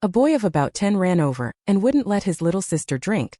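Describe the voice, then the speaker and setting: A woman narrating a translated novel as an audiobook, in a steady storytelling delivery. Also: medium pitch, fairly quick, no echo, studio quality.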